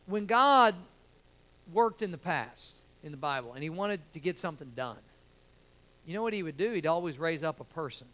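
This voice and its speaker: A man's voice: high-pitched, a bit bright. A man preaching to a church class, keeping it jokey and calling out "amen?" and "right?" to the room. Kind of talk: sermon.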